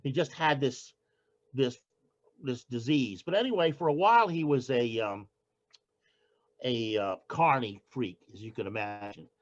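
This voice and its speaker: An older man speaks casually as a poet being interviewed. He keeps restarting and searching for words at a middle pitch, and the recording sounds dull and lo-fi. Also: lively intonation. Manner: halting, with frequent restarts and fillers. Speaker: poet guest.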